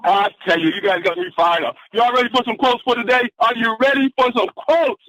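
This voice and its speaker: A man's voice: very high voice, fairly quick, fairly bright tone, dry recording, highs cut off. A man on a conference call, exuberantly whooping and cheering as he reads motivational quotes in a preacher-like style. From Atlanta, Georgia. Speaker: caller giving motivational quotes. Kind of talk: excited conference-call pep talk. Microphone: phone line.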